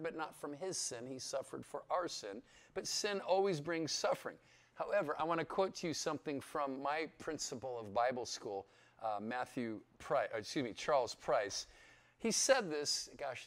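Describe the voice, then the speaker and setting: A man teaching the Bible in a casual, conversational sermon, often checking in with his listeners. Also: medium pitch. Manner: chatty, keeps checking in with "yeah?". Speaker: pastor.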